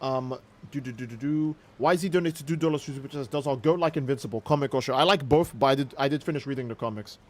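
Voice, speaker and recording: A young man in casual livestream commentary, talking in an excitable, profane, rambling way. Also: mid-range voice, quick pace. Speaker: streamer.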